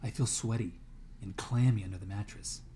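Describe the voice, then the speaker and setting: A man's voice: fairly low pitch, steady tone, normal speed, dark tone, slight background noise. A man reading a novel aloud to a class as a guest reader, dramatic and dropping to a whisper in tense moments.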